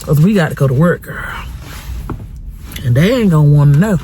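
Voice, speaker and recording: A woman's voice: low voice, lively intonation, a little fast, dark tone, a little hiss or hum. A woman hosting a vlog, chatting candidly to viewers about parenting her teenage son and repeating phrases for emphasis. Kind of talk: candid casual chat to viewers.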